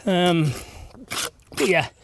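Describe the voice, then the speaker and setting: A man's voice: on the high side, extremely slow. A man, rambling and self-deprecating as he chats to camera while laying blocks on an outdoor building site. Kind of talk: casual vlog chat while working. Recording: noisy outdoor recording.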